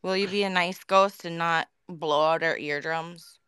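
A woman's voice: fairly low pitch, steady tone, a little slow, a bit bright, clear, resonant tone, no echo. A woman in a casual group voice chat who keeps correcting and scolding the others. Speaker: participant in an online voice chat room.

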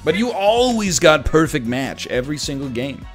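Young man, casual group chat, jokey and profane, lively swinging pitch, music under the talk. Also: normal speed. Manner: joking, animated, swears freely. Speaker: regular streamer in a group chat.

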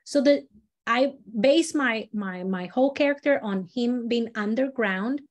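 A woman with a fairly high voice leads a storytelling workshop in a casual, chatty way. She often restarts her sentences and stops to act out examples. Her tone stays relaxed and conversational, like teaching. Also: unhurried. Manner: chatty, many fillers and restarts, acts out examples.

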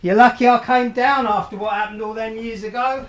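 A man's voice: sits high, sing-song, unhurried, a little hiss or hum. A man playing a blunt, exasperated son. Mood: exasperated, angry. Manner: blunt and exasperated, with a rising temper. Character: worried, exasperated middle-aged son. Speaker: actor in a student short film. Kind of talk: low-budget film acting.

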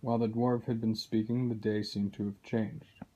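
A man narrating a story aloud in a steady, even reading. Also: on the low side, moderate pace, breathy edge. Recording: dull lo-fi recording.

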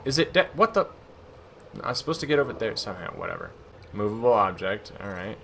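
A man's voice: mid-range voice, fast talker, pushed and bright, slight background noise. A man giving casual gameplay commentary, exasperated and swearing as he rants at the game. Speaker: gaming streamer.

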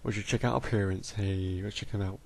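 A man's voice: lowish voice, fairly even intonation, brisk, vocal fry, a little mellow. A man sits at his computer with a headset mic, narrating his gameplay in a casual, chatty way. He gets exasperated, swears mildly and talks straight to the characters on screen. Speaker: gamer doing a let's play.

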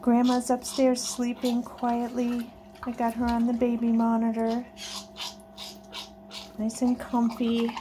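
Her voice sits a little high, but the delivery is completely flat, slow and full of long pauses, with background noise behind it. A pet vlogger at home at night chats casually with viewers and coos to her pets in a sing-song baby voice.

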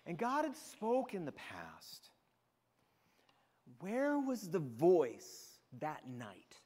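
Man preaching an expressive sermon. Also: high-pitched, drawn-out words, big-room sound. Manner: expressive storytelling, retelling scripture dramatically. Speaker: pastor. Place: church sanctuary.

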